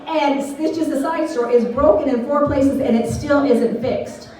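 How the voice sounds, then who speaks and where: Middle-aged woman comic, high and animated, recorded far off in a very echoey room. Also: moderate pace. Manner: animated, shrieks when quoting herself. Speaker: stand-up comedian. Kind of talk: stand-up storytelling. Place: small venue on stage.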